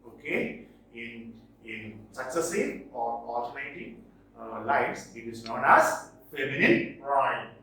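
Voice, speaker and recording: Slow and emphatic, a male English teacher lectures his class on poetry, his voice full of lively pitch jumps as he slowly repeats key words. He sounds lively but echoey, with roomy reverb and distance from the microphone.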